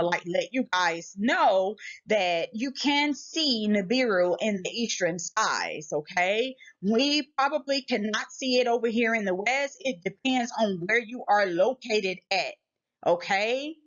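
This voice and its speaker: A woman's voice: mid-range voice, expressive, a little slow. An American woman hosting a casual vlog, speaking emphatically and preachily with many repeated rhetorical questions. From United States. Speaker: channel host. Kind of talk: casual spiritual warning vlog. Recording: slightly muffled lo-fi audio.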